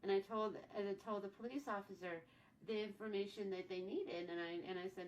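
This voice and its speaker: A woman's voice: medium pitch, fairly even intonation, a little fast. A woman in her forties tells a childhood story in a casual vlog, rambling and repeating her phrases as she goes. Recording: distant mic, faint background noise.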